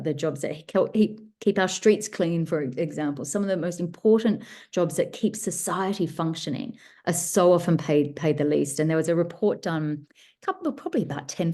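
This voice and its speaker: A woman's voice: sits low, warm tone. A woman speaking as guest author in a workshop, answering questions thoughtfully with many restarts over a video call. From Australia.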